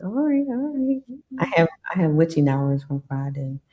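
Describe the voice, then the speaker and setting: Animated woman livestream host. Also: sits low, normal speed, lo-fi sound. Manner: animated, laughs often, sleepy-voiced. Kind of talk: casual livestream chat.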